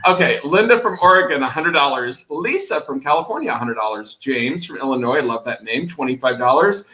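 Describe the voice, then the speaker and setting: A man of average pitch hosting a fundraising stream over a video call. He chats in an easy, teasing way and runs through lists of names and amounts. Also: lively intonation, a little fast, sharp tone, roomy sound, poor audio. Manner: chatty, teasing. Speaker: host. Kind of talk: casual chat and reading donor names.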